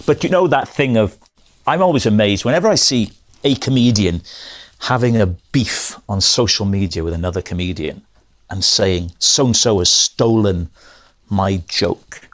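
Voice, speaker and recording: A man's voice: on the low side, moderate pace. A middle-aged male comedian chatting as a podcast guest, telling rambling anecdotes and correcting himself often. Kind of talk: casual podcast chat.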